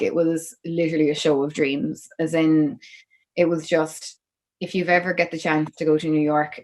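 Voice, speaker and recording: Chatty Irish woman with a low voice. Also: rough recording. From Ireland. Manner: chatty storytelling, heavy with "like" and "you know". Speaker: musician guest. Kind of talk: podcast interview.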